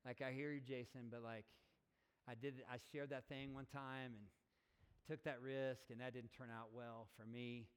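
A man preaching to his congregation in an earnest, chatty way, throwing out questions and restarting his sentences. His voice sits at an ordinary middle pitch. A long reverb trails after every phrase from a large church hall. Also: flat delivery, moderate pace, clear, resonant tone. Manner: earnest and conversational, with rhetorical questions and self-corrections. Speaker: pastor. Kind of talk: sermon. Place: church sanctuary.

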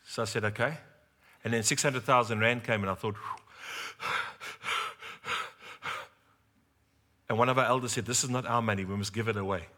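Storytelling preacher, bright voice. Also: male voice, mid-range voice, steady tone, quick pace. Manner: storytelling, humorous, addresses the congregation directly. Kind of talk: sermon.

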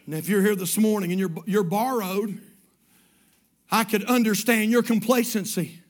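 A male pastor preaches through a story. His voice sits high, and he repeats his phrases. He drops to a hush, then climbs to full shouts. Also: fairly even intonation, normal speed. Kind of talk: sermon storytelling.

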